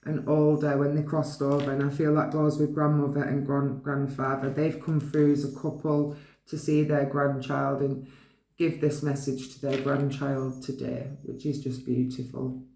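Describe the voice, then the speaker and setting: A woman giving a pick-a-card reading, gently and affectionately reading the card messages aloud to her viewers. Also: rumbling low, flat delivery, moderate pace, echoey room. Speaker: tarot card reader.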